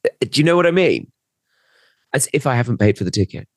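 A man's voice: mid-range voice, big pitch swings, quick pace, dry recording, studio quality. A man co-hosting a comedy podcast, telling a rambling, self-mocking story in casual chat. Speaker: podcast co-host.

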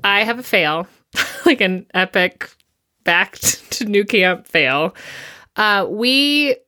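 Bright-voiced woman, chatty podcast host. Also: mid-range voice, animated, slow pace. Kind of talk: casual chat.

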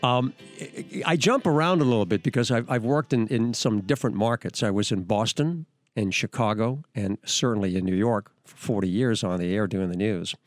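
A man's voice: lowish voice, normal speed, few pauses, no room sound, soft background music. An older man, a veteran news anchor, hosting a podcast and telling stories with enthusiasm and frequent restarts. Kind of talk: podcast storytelling.

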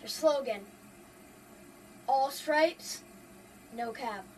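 Teasing woman, high and off-mic. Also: very slow, recorded from a distance, slight background noise, low-quality recording. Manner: teasing, playful.

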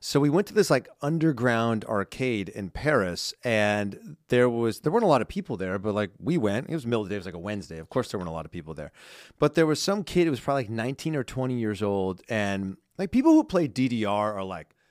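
A man's voice: fairly low pitch, very animated, fast talker, no room sound, studio quality. A man, a podcast co-host in casual chat, who rambles through stories and fills them with "like". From California. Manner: rambling storyteller, heavy use of "like".

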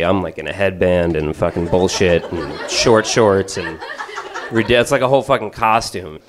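A man telling a long story in stand-up style, profane, rambling and animated. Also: lowish voice, slight background noise.

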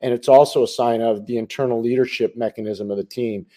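Mellow-voiced middle-aged hockey analyst man. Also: mid-range voice, fairly even intonation. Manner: measured, emphatic, rhetorical questions. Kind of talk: casual sports talk.

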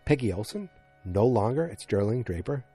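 Rambling man with a mellow husky voice. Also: mid-range voice, big pitch swings, normal speed, faint music behind. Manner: rambling, many fillers and restarts, retells scenes. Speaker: podcast host recapping a TV episode. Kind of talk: casual recap chat.

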